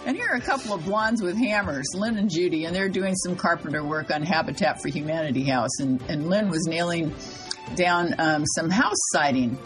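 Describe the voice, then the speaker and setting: A woman co-hosting a radio health show, telling jokes with lively delivery and brief character voices. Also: fairly low pitch, normal speed, over music, rough recording. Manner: animated joke telling, voices the characters' lines. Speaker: co-host nurse.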